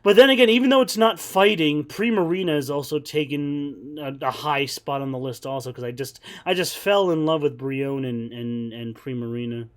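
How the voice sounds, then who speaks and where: A man giving casual gameplay commentary as a streamer, excitable and swearing a lot, over game music. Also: on the high side, moderate pace, hardly any pauses.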